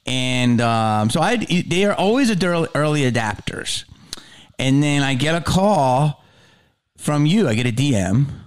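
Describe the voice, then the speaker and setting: A man hosting a casual interview, excitable and joking, talking into a studio microphone. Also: medium pitch, unhurried, clear, resonant tone. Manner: excitable, animated, loose and joking. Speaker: podcast host.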